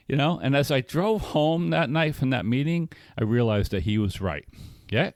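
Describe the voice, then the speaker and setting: A man's voice: mid-range voice, animated, normal speed, no room sound. A middle-aged man tells a personal story on a recovery podcast in an easy conversational ramble, circling back and asking "right?" as he goes. His voice sits mid-range, recorded dry and close. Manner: rambling, frequent restarts and "right?" tags. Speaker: podcast co-host.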